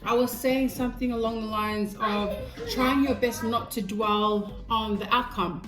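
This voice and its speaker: A young Australian mum talks straight to camera in a cheerful, chatty way, laughing easily and sitting a little above the usual pitch. Her voice rings around a bare, echoey room at home while music plays clearly underneath. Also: fairly even intonation, a little slow. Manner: chatty, laughing, often breaks off to speak to her children. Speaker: parenting vlogger, mother of three. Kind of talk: casual talk to camera. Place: family home with children around.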